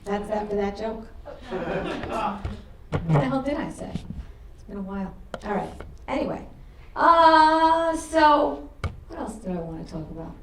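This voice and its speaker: A middle-aged woman performing a crude stand-up comedy set on a club stage, delivering brash deadpan punchlines. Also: medium pitch, distant mic, slight background noise. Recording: roomy club sound from afar, audience laughter.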